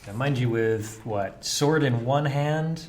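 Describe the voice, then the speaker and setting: A man's voice: mid-range voice, slow pace. A man running a tabletop game as game master, describing scenes and explaining rules casually with fillers. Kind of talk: narrating and ruling a tabletop game. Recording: echoey room with faint noise.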